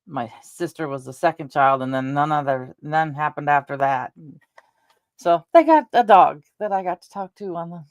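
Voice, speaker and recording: A woman's voice: low-pitched, no room sound. A middle-aged woman chatting casually to her viewers, rambling through personal stories and laughing along the way. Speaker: vlogger.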